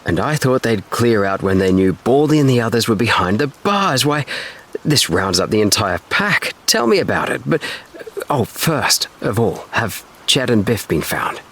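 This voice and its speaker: A man's voice: medium pitch, sing-song, moderate pace, a bit bright, voice pushed up. Man reading proud detective dad, hearty and pleased, slightly raised voice. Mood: eager. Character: proud, warm middle-aged detective father.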